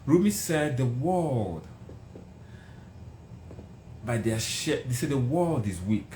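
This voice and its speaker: A man's voice: mid-range voice, very animated, takes it slowly, warm tone, a little hiss or hum. Passionate male motivational speaker, roomy echo. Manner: passionate, building to raised intensity. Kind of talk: motivational speech.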